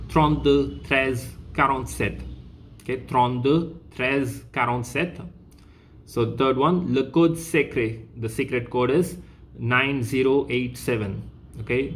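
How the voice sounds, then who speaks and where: A man teaching a French revision lesson, explaining patiently and repeating phrases with a steady "okay", slowing down to spell out French words. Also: mid-range voice, slight background noise.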